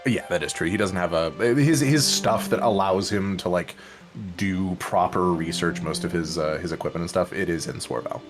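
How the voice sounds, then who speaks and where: A man narrating a tabletop game as game master in a casual, halting way. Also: deep voice, over music.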